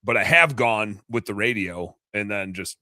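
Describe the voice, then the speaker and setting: A man's voice: lowish voice, moderate pace, bright, forceful tone, no echo, clean studio sound. A man in a casual podcast chat, talking in a laid-back way and dropping brief agreeing replies. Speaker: podcast host.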